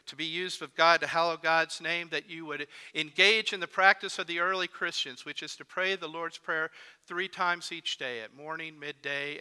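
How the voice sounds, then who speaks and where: Male pastor, sermon; clear, resonant voice, slightly high, in a long church-hall reverb. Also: pushed and bright. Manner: emphatic, repeats phrases with rising force.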